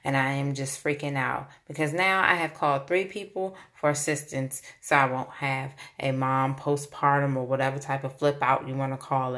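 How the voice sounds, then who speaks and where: Young mom with a deep voice, casual storytelling, acts out the quotes. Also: female voice, a bit bright. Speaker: mother telling a personal story.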